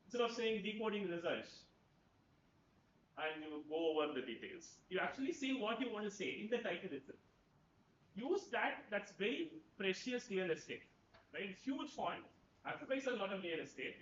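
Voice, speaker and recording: High, lively-voiced man lecturing in a roomy hall. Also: lo-fi sound, a little hiss or hum. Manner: conversational, keeps asking "right?". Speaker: professor giving a talk. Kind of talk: lecture to students.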